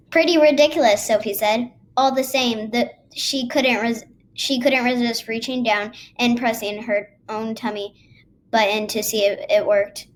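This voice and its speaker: A woman reading a children's book aloud, slow and careful. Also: fairly high pitch, level tone. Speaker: reader.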